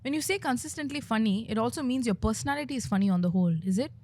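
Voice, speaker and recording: A woman's voice: a little high, very fast, darkish tone, slight background noise. A young woman, a comedian chatting as a guest and laughing often. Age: young adult. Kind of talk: casual interview chat.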